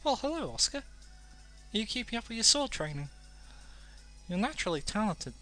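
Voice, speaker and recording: Kindly village woman, high and gentle, British, voiced by a man. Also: sing-song, moderate pace, faint music behind, exaggerated voice. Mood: encouraging.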